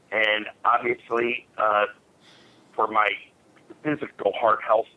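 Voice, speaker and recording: A man in his forties, a guest telling old fight stories in a blunt, rambling way, swearing freely. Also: lowish voice. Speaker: podcast guest, former fighter. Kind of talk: storytelling in a casual interview. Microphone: phone line. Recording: tinny phone line, faint hiss.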